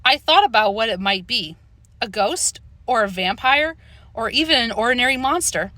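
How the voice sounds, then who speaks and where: Woman reading a kids book aloud, bright voice, lots of pitch movement. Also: moderate pace, no room sound. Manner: expressive, storytelling. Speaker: audiobook narrator.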